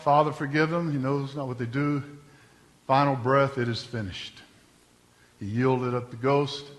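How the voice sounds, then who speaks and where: A man preaching a sermon, folksy and joking, dropping to hushed storytelling and then rising to loud exclamations. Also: a little high, in a large hall. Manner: folksy, humorous asides. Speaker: pastor. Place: church sanctuary.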